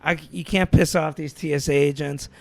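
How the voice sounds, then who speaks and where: A man's voice: fairly high pitch, fairly even intonation, fairly quick, gravelly, darkish tone. A man co-hosting a podcast in casual chat, telling stories with a brash, swaggering manner. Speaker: podcast co-host.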